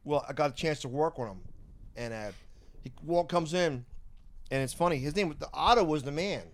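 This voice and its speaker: Man guest, comic, slightly high voice, halting and rambling storyteller. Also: expressive. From Philadelphia area. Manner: rambling, halting, laughs often. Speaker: comedian guest. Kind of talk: casual chat, storytelling.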